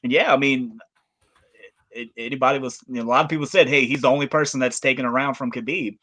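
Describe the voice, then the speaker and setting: A man's voice: mid-range voice, fairly even intonation, fast talker, pushed and bright. A man co-hosting a casual sports talk show, rambling through his points with repeated phrases. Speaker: co-host.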